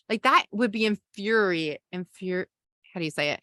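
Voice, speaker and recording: A woman's voice: medium pitch, expressive, moderate pace, bright, forceful tone, no echo. A woman, a parenting coach and podcast host, teaching a masterclass in a conversational way and explaining with everyday examples.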